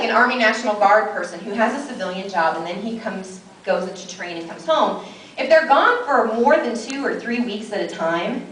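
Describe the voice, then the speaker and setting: A woman's voice: on the high side, a little hiss or hum. A woman moderating a panel, telling a funny personal anecdote with frequent laughter. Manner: laughing, animated anecdote teller. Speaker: panel moderator and military spouse. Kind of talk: humorous personal storytelling. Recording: echoey hall, distant mic, audience.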